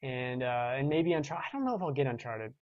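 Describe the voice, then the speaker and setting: A man's voice: mid-range voice, animated, brisk, no room sound, highs cut off. A man in his twenties hosting a gaming show, chatting casually and rambling with restarts while reading viewer comments. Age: 20s.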